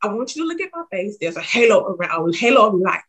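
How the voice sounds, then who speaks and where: A woman voicing a solemn male prophet who speaks in slow, grave commands, with a husky voice. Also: high-pitched, very animated, fairly bright tone, full character voice.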